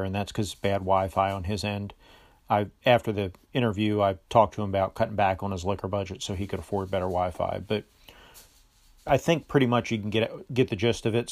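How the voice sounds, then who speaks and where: Low-voiced man hosting a podcast. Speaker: podcast host. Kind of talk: casual podcast intro.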